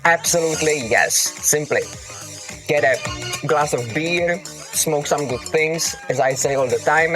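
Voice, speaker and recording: Answering chat questions on a casual livestream, a man with a non-native English accent and a voice on the high side is emphatic and teasing, calling viewers darling and repeating "okay? got it?". Soft music runs faintly under his speech.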